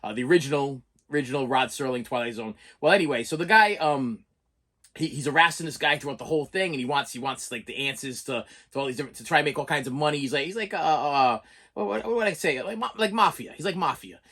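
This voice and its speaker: A middle-aged movie collector with a fairly high, bright, pushed voice speaks quickly as he rambles through a long, casual story, frequently stammering and repeating words.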